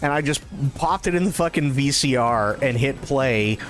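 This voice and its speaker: Animated profane man telling stories on stream. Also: medium pitch, normal speed. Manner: animated, profane, laughs at his own stories. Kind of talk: casual storytelling during a live game stream.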